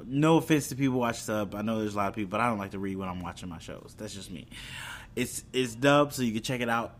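A young man hosts a video, his voice fairly low in pitch with a fairly bright tone. He chats casually about upcoming shows in an entertainment-news style, rambling along with fillers and restarts.

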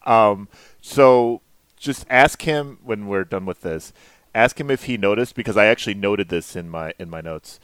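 Deep-voiced man, hesitant casual chat. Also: no echo. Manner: hesitant, restarts often, trails off softly. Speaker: podcast producer.

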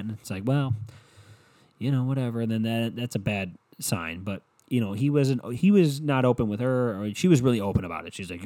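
A man's voice: medium pitch, animated, fairly quick, warm tone. A young man hosting a solo podcast, rambling casually with lots of profanity and filler words. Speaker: podcast host.

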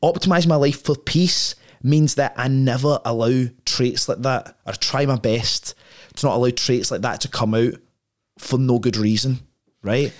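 A man's voice: mid-range voice, unhurried. Blunt, swearing man. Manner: blunt, profane and emphatic; frequent tag questions and restarts. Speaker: podcast guest. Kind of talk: casual conversation.

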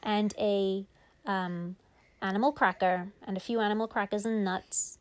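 A woman spinning an improvised bedtime story, lively and playful. She stretches words out slowly and drops into hushed whispers for the spooky bits. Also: mid-range voice, a little hiss or hum.

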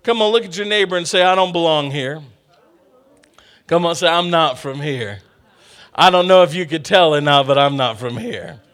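A man's voice: a little high, moderate pace. A middle-aged man preaching a sermon, calling out to the congregation and drawing responses. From Texas. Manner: lively, call-and-response with congregation.

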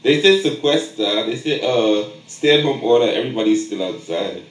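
A man's voice: mid-range voice, animated, far from the mic. Teasing New York man in an echoey room. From New York City. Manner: teasing, rapid-fire questions, laughing often. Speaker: podcast host. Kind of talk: casual chat. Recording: echoey room, mic set back.

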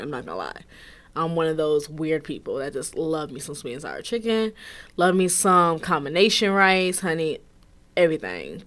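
A young woman hosting a podcast, telling a story in a loose, profane, animated way with frequent laughter. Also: low voice. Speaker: podcast host. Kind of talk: casual podcast monologue.

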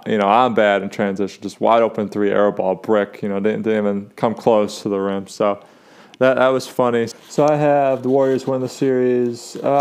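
A man's voice: lowish voice, vocal fry, darkish tone, clear, resonant tone. A young man hosting a casual sports talk show, rambling with lots of fillers and restarts as he gives his takes. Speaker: sports podcast host.

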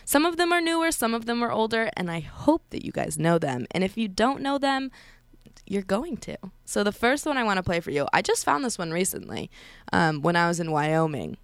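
Casual gossipy young woman on the radio, smooth voice, pitch in the middle. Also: big pitch swings, moderate pace, dry recording. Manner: chatty, gossipy, laughs often. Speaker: college radio DJ.

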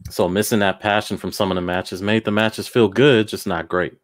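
A man with a very deep, low voice, co-hosting a relaxed wrestling chat. He talks things through thoughtfully, pausing on fillers and restarting his sentences. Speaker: podcast co-host. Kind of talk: casual chat about wrestling.

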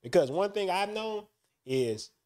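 A man's voice: high-pitched, lively intonation, unhurried, darkish tone. A man hosting a casual podcast chat, eager and steering the topics. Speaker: podcast host.

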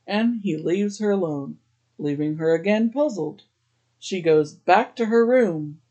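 A man's voice: sits high, measured pace, a little mellow, muffled recording. A man hosting a podcast, casually retelling a TV episode and reading out bits of its dialogue as he goes. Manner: loose retelling, reads out quoted dialogue. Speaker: podcast host.

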